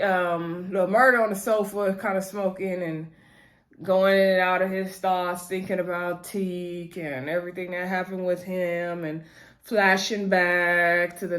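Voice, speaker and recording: Woman reviewer, casual episode recap, chatty and quick to laugh. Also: fairly low pitch. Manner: chatty, retells scenes quoting characters, laughs often.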